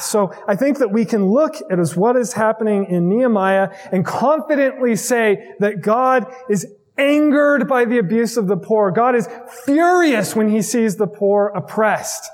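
A man preaching a sermon in a conversational way, often checking in with his listeners with quick asides. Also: sits high. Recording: long reverb of a large hall.

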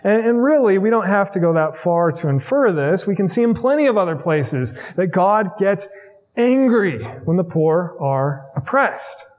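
High-voiced man preaching in a reverberant hall. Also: animated, measured pace, a little mellow. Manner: conversational, checks in with "right?" asides. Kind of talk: sermon. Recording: long reverb of a large hall.

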